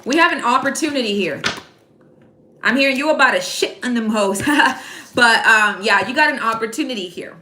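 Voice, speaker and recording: A woman's voice: a little high, expressive, moderate pace, pushed and bright, a little hiss or hum. A woman giving a casual live tarot reading, chatty and slangy, speaking straight to her viewers by name. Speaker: tarot card reader. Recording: echoey room.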